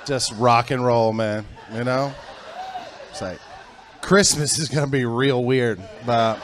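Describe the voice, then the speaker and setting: A middle-aged man performing stand-up on a comedy club stage, telling a story that builds to loud, animated punchlines. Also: medium pitch, slow pace.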